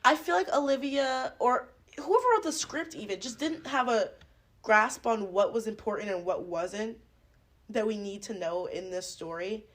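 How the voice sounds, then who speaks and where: A woman's voice: mid-range voice, normal speed, fairly bright tone. A woman guesting on a podcast, chatting casually about a film, blunt and opinionated, swearing freely. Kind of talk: casual film review chat.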